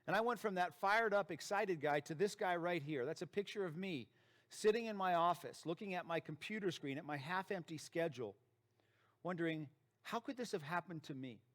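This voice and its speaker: A man's voice: sits high, a little fast, fairly bright tone. A man who is a dentist and practice founder giving an emphatic motivational presentation, repeating key phrases for effect.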